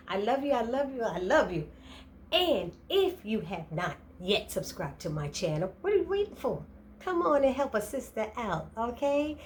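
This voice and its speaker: A woman recapping a TV episode in a casual, animated way, laughing and acting out the characters' lines. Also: a little high, slight background noise. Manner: expressive, laughing, acts out quotes. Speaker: TV recap vlogger.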